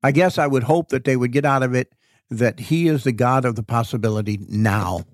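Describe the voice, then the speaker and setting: A man with a mid-range voice tells a story in a relaxed interview. He is an animated storyteller who acts out what people said. The sound is close and dry. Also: mid-range voice, fairly quick, dry recording. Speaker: preacher and author guest.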